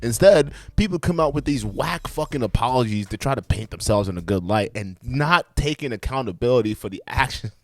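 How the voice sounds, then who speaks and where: A man's voice: medium pitch, expressive, brisk, few pauses, dry recording. A man hosting casual reaction commentary, blunt and emphatic, swearing heavily as he talks.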